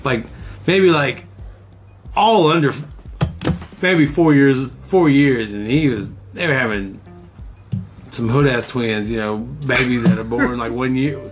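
A man in casual chat, telling crude stories full of swearing and laughter. His voice is mid-pitched, and faint music sits underneath. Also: measured pace, pauses often. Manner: profane, laughing storyteller.

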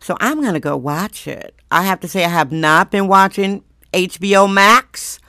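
A woman hosting her own podcast, talking bluntly and emphatically, her voice slightly hoarse from recent strain. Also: mid-range voice, pushed and bright, dry recording, studio quality. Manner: blunt, emphatic, drawn-out stresses. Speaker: podcast host. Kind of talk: opinionated monologue.

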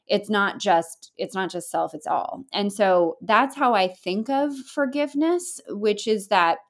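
A woman in a mid-pitched voice, talking as a podcast guest in a candid, unscripted way. She tells her story earnestly, starting sentences over and over, leaning on filler words and dropping the odd casual swear word. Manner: earnest, rambling storytelling with many restarts and fillers. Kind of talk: candid conversational interview.

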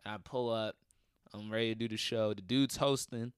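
A man's voice: fairly low pitch, normal speed, clean tone, no room sound, clean studio sound. A man telling a comedy story in casual chat, laughing often and acting out the people he quotes. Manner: animated, laughing, acts out quotes in shifting voices. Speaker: comedian guest.

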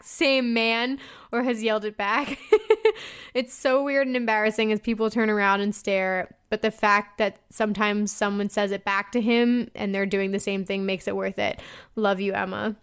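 Young woman, podcast host, casual chat, lots of likes, swears freely, clear smooth voice. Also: medium pitch. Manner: chatty, frank, swears freely, many likes and fillers. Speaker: podcast host reading listener emails.

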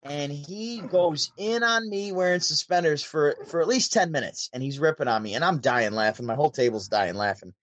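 A man's voice: mid-range voice, lively intonation, fairly quick, hardly any pauses, fairly bright tone, slight background noise. A man from Syracuse, New York, casually telling a long story as a podcast guest, acting out quoted voices as he goes. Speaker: podcast guest, DJ and show host. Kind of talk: casual storytelling over a call.

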